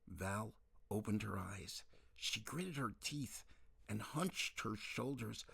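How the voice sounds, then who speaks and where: A man narrating a novel chapter in a slow, expressive storytelling manner. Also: on the low side, creaky, husky. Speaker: audiobook narrator. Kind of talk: novel reading.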